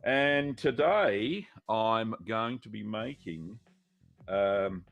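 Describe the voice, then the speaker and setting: A man's voice: fairly low pitch, drawn-out words, creaky, muffled recording, faint music behind. A middle-aged Australian man hosting a live cheese-making Q&A stream, chatting casually with many fillers and greeting viewers by name.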